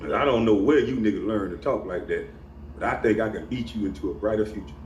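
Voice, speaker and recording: This middle-aged man rants at the camera, swearing and taunting and laughing at his own jabs. His voice is on the low side, a little mellow, and quick, picked up off-mic in an echoey room with faint ambience and a little hiss or hum.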